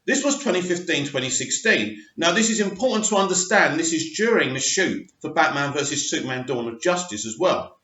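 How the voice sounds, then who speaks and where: A movie news vlogger in his forties reads an article aloud and comments on it, tossing in chatty asides and often stumbling and restarting. His slightly high voice moves up and down in a lively way at a brisk pace with hardly any pauses. The recording sounds dull and muffled, made in a roomy space.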